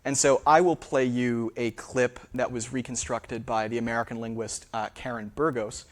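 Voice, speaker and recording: A man's voice: medium pitch, steady tone, moderate pace. A man, a linguist, giving a public lecture in a theater, hesitant and full of fillers and restarts.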